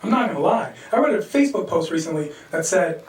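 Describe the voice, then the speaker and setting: An animated American man performing stand-up comedy, acting out characters in sudden high voices and laughing at his own jokes. The sound is roomy and distant, picked up by a stage mic far from his mouth. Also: fast. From United States.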